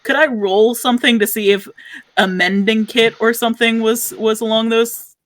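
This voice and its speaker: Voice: mid-range voice, steady tone, moderate pace, fairly bright tone, no echo. A tabletop game player chatting casually in character, polite and eager.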